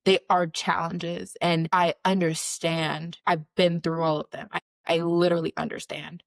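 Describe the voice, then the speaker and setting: A woman's voice: lowish voice, little pitch movement, moderate pace, gravelly, no room sound. A woman in her thirties, a career coach hosting her own show, talking earnestly and repeating phrases for emphasis. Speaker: career coach and podcast host. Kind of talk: motivational solo talk.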